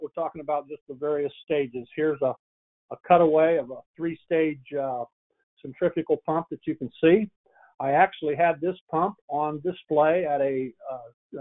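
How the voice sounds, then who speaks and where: A man's voice: on the high side, normal speed. A man giving a product training lecture on pumps, speaking in a folksy, plain-spoken way with frequent restarts and stories. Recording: tinny phone-like sound.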